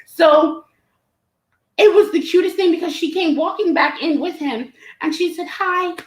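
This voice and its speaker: A woman guest, an event promoter, telling an animated story with laughter. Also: extremely high pitch, moderate pace. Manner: animated, laughing, acts out quotes. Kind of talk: casual storytelling. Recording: roomy echo.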